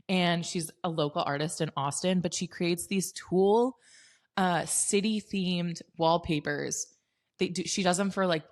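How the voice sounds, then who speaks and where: A young woman hosts her own podcast and tells a personal story, chatty and excitable. Her voice sits a little low for a woman. She leans on "like" constantly and acts out what she and others said. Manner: excitable, heavy use of "like", animated quoting. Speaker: podcast host. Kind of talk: casual storytelling monologue.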